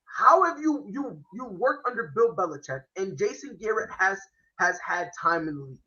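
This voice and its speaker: A man hosting a casual football chat, animated and slangy, cursing freely. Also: high-pitched, muffled recording. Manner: animated, slangy, swearing, quick impressions. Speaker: host. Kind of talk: casual sports analysis chat.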